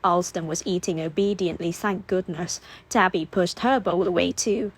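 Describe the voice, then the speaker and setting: Woman narrating an audiobook, steady and expressive. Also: lowish voice, moderate pace.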